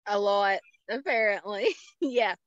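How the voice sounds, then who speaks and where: A woman, a former professional wrestler, chatting as a podcast guest, quick with jokes and laughter. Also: mid-range voice, dry recording, lo-fi sound. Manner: joking, laughs easily, wisecracks. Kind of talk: casual podcast chat.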